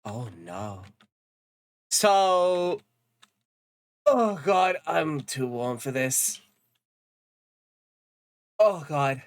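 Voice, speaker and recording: A woman's voice: fairly low pitch, extremely slow, long pauses, clean tone. A woman streaming a game live, commenting with frequent swearing and playful exasperation. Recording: game music playing underneath.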